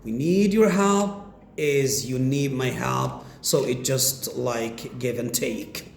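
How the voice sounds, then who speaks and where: A man's voice: mid-range voice, gravelly, slight background noise. A man with an Arabic accent teaching English pronunciation to beginners, repeating each drilled word several times. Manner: slow, drills words by repeating them.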